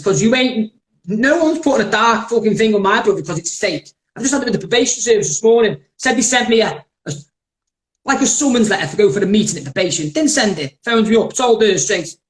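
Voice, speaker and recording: A man's voice: high-pitched, lively intonation, fairly quick. A man hosting a live podcast, blunt, sweary and rambling. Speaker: podcast host. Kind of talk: heated live-stream chat. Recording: roomy echoey live stream.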